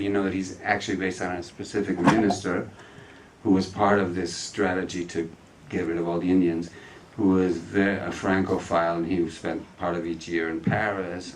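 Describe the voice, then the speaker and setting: A man with a low voice talks as a guest at a cinema Q&A. He tells stories casually and chats easily, often laughing mid-sentence. A faint hiss sits under the recording. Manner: chatty, laughs often while talking. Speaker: guest at a film Q&A. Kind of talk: casual anecdotal storytelling. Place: cinema hall in front of an audience.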